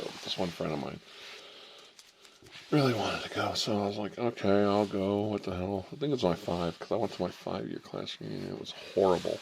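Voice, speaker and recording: A man's voice: deep voice, gravelly, slight background noise. A man from Ohio hosting a comedic ASMR role-play as an examining doctor. He is a rambling, irreverent storyteller who keeps digressing and laughing at his own jokes. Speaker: channel host playing an examining doctor. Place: indoors, smoking a cigarette.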